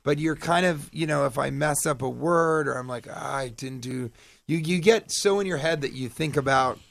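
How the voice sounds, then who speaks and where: A man's voice: fairly high pitch, brisk, gravelly, no room sound. A man guesting on a radio show, chatting in a rambling, self-mocking way and laughing easily. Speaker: guest comedian. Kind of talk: casual radio chat.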